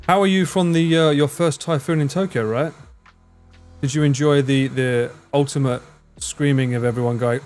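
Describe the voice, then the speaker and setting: A man's voice: on the high side, steady tone, normal speed, darkish tone, faint music behind. A young man with an Essex accent, chatting casually and jokingly with his live stream viewers. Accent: Essex English. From Essex, England. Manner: joking, teasing, answers chat messages.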